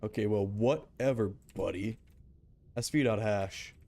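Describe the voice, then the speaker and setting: A man's voice: fairly low pitch, unhurried, warm tone. A man streaming a game, rambling and joking back and forth with his chat. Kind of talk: casual gameplay commentary.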